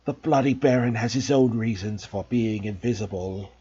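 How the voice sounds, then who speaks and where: A man voicing a determined schoolboy in a low, hushed, urgent way. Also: moderate pace, dull audio, a little hiss or hum, lightly acted.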